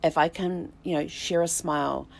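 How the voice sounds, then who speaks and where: A middle-aged woman with a low, gravelly voice speaks straight to her viewers. She recalls a personal story slowly and reflectively, often stopping to restart a sentence or fill a pause with a soft "um.". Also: fairly even intonation. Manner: reflective, unhurried, with halting restarts and soft fillers. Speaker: vlog host, family tree researcher.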